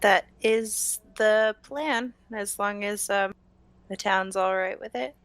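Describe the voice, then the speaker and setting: A woman's voice: mid-range voice, steady tone, a bit bright, no room sound. A woman playing a tabletop game, answering in character in an understated, slightly awkward way. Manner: slow, understated, a bit awkward. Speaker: player.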